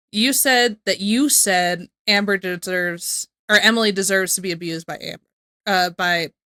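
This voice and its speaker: A woman's voice: medium pitch, bright, forceful tone, no room sound, clean studio sound. A young woman reacting to a video, talking casually in a rambling, exasperated way. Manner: rambling, exasperated, repeats herself. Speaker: reaction streamer.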